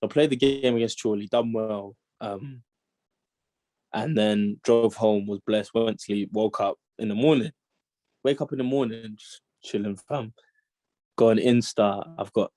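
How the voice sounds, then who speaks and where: A man's voice: fairly low pitch, a little slow, dry recording. Young guy, chatty and slangy, acts out every quote, dead dry close mic. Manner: animated slang-heavy storytelling, acts out quotes. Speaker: interview guest, footballer. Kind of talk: casual storytelling chat.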